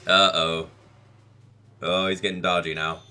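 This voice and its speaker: A gaming video creator with a low, sharp, clean-toned voice that barely moves in pitch does casual let's play commentary on a monster-raising game. He's self-deprecating, firing off short quips and dry asides, with soft music in the background.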